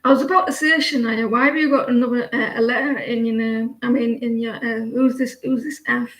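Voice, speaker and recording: A woman's voice: a little high, fairly even intonation, brisk, echoey room, poor audio. An Irish woman in her forties giving a chatty, rambling live tarot reading, with many restarts. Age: 40s. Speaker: tarot reader.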